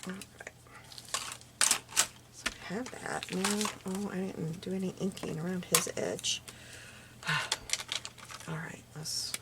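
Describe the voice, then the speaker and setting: A woman's voice: lowish voice, steady tone, slow, long pauses, heavy background noise. A woman chatting casually while she makes paper crafts, muttering little asides to herself as she works. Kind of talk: casual crafting tutorial chat.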